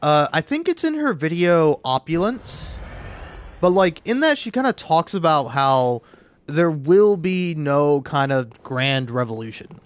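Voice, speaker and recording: A young man musing aloud while playing a game, halting and rambling with frequent filler words and restarts. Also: on the high side, sing-song, clean tone. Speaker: gaming video creator.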